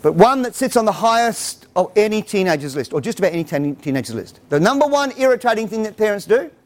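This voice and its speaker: A man's voice: sits high, fast talker. A middle-aged man giving a humorous talk to parents, acting out bits of dialogue. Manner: animated storytelling, acts out dialogue. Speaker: speaker on parenting.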